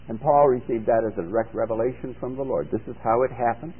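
A man's voice: medium pitch, a little fast, hardly any pauses, breathy edge. A man giving a radio sermon as a Bible teacher, reading scripture aloud and then explaining it plainly with rising emphasis. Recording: phone-like old radio broadcast with long reverb.

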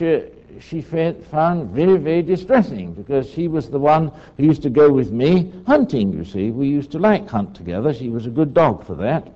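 An older man gives a rambling talk, drawing his listeners in with chatty asks for agreement. His voice is mellow and swoops lively up and down in pitch. The recording sounds dull and lo-fi. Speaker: speaker giving a talk.

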